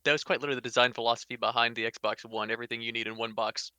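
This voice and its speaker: A married young man co-hosting a gaming podcast, joking around in quick, slangy casual chat. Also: medium pitch, fairly even intonation, bright, forceful tone, smooth, dry recording. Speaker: podcast co-host.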